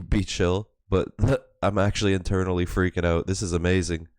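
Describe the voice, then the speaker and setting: A young man reacting to a new song at home early in the morning, gushing and excitable, full of "like", keeping his voice down so as not to wake a neighbor. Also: low-pitched, normal speed, dry recording. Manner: keeping voice down, hushed asides. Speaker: music reaction host. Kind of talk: music reaction commentary.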